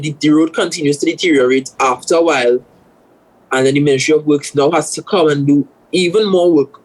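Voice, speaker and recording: Trinidadian man, co-host, earnest, a touch high-pitched. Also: low-quality recording. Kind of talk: current affairs discussion.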